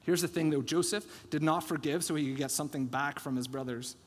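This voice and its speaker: A man with a slightly high voice preaches a sermon in a church, his words ringing with a long hall reverb. He retells the story with lively, acted-out quotes. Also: fairly quick, husky. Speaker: pastor. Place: church sanctuary.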